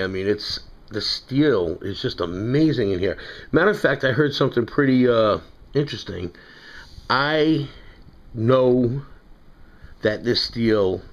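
A man's voice: fairly low pitch, lo-fi sound. A man with a New York accent, chatting casually and rambling as he reviews knives from his collection. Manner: rambling, chatty, self-correcting.

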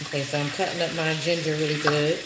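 Low-voiced woman vlogging from an echoey kitchen. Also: level tone, fast, heavy background noise. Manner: chatty, talks to viewers as y'all, grows frustrated. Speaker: cooking vlogger. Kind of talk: casual cooking vlog. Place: home kitchen. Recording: echoey kitchen with loud frying. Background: sizzling pan.

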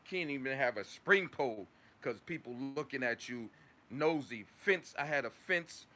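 A man's voice: mid-range voice, expressive, unhurried, sharp tone. A man from Long Island, a dog kennel owner ranting in a casual vlog, profane and heated, tagging lines with "right?". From Long Island, New York. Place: at work, outdoors.

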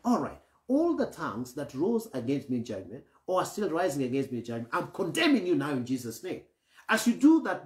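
Male preacher, lively pitch, checks in with the congregation, echoey room. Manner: asks the congregation for assent often; acts out grumbling voices to illustrate. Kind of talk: sermon.

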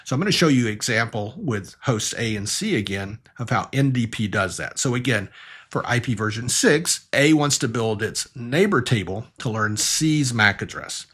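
Guy w a husky voice teaching a tech lesson, walks thru each step, mid pitch. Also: a bit bright. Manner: explanatory, talks through diagrams step by step. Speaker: networking instructor. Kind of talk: recorded technical lesson.

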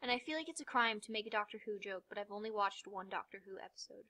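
A woman's voice: medium pitch, expressive, fast talker, pushed and bright. A young woman giving rambling, self-mocking let's-play commentary, swearing freely, with sudden yelps and muttered asides. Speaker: gamer.

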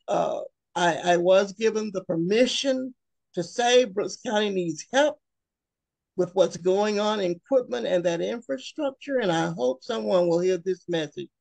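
Earnest woman speaker, gravelly voice, slow heartfelt delivery, dry recording. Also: mid-range voice, darkish tone, dry recording. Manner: emotional, earnest, with long pauses. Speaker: webinar speaker. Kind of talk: heartfelt personal talk.

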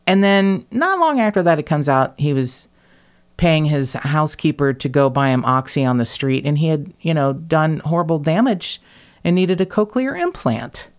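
A woman hosting a podcast in casual chat, talking in an animated, blunt way, swearing freely and laughing between words. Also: deep voice, normal speed, clean tone. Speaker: podcast host.

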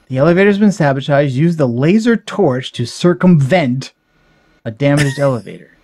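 A man's voice: on the high side, animated, moderate pace, a little mellow, slightly rough. A man hosting a let's play, thinking aloud with wry, self-deprecating commentary as he plays. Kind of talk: casual gameplay commentary.

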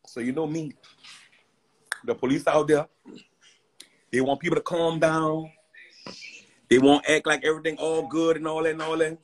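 A man telling a dramatic story to his viewers in a loud, slangy rant that bursts into shouting. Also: on the high side, steady tone, moderate pace, pauses often.

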